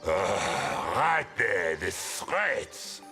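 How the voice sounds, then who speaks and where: Grumpy hungover wolf, raspy, slow and swooping, game music faint behind. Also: male voice, sits low, very animated, pushed and bright, exaggerated voice. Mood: bitter. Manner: grumbling, drawn-out, theatrical. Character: gruff hungover male wolf, cranky and sarcastic. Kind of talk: video game voice acting.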